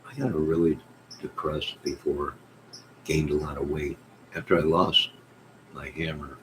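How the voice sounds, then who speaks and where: Slow, deep-voiced man chatting on a livestream. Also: level tone, fairly bright tone, a little hiss or hum, low-quality recording. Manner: rambling, joking storyteller with drawn-out asides. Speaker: livestream host reading chat. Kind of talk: casual livestream chat. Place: at home in bed.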